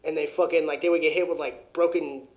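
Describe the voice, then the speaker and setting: A man's voice: a little high, fairly even intonation, a little fast. A man co-hosting a podcast in casual chat, talking in slang and swearing a lot as he describes things that gross him out. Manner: slangy, profane, squeamish complaining. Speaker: podcast co-host.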